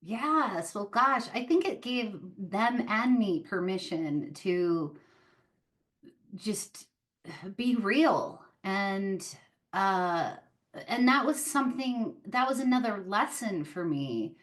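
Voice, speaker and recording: A woman, an author and podcast guest, telling a personal story in casual interview chat, animated and full of fillers. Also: mid-range voice, slow pace. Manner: animated, chatty, many fillers like "like" and "um".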